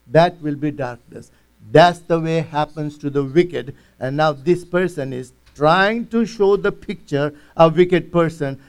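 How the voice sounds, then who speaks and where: A man's voice: fairly high pitch, clean tone. A man teaching a verse-by-verse Bible study, earnestly explaining each passage in plain words.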